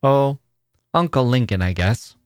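Story reading: man playing a polite little girl, raised pitch, eager and chattering. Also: animated, unhurried, no echo, studio quality, lightly acted. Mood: earnest.

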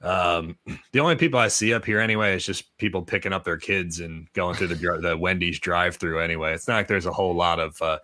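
A man co-hosting a podcast in casual chat, making quick sarcastic quips and saying "yeah" often. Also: sits low, bright, forceful tone, dry recording, studio quality. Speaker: podcast co-host.

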